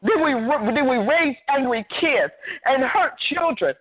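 High-voiced older woman preaching by phone. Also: expressive, a little slow. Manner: emphatic, repetitive exhortation. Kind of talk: fervent phone sermon. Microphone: phone call. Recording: tinny phone line.

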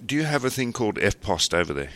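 A man's voice: lowish voice, big pitch swings, fast, a bit bright. An Australian man talking as a podcast guest in a casual, joking way and laughing often.

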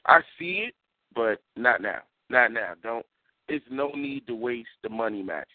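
A man's voice: medium pitch, a little slow, dry recording. A man co-hosting a wrestling podcast, casual and emphatic, repeating his points. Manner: repetitive, emphatic, says "you know what I mean". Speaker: podcast co-host. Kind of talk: casual chat. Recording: dry tinny phone-like sound.

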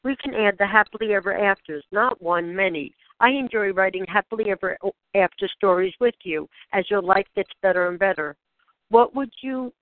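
Woman giving gentle spiritual guidance, phone-tinny. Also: mid-range voice, no room sound. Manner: gentle, questioning, unhurried prompts. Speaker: spiritual guide. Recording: dry, tinny phone-like sound.

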